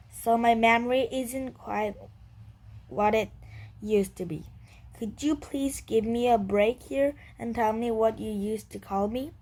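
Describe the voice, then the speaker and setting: A fussy, doting old cat who is somebody's great-grandfather, read by a woman. He speaks slowly and carefully, in a children's storybook reading. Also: fairly high pitch. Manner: reading a talking-cat dialogue aloud in a lightly lifted voice. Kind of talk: children's book read aloud.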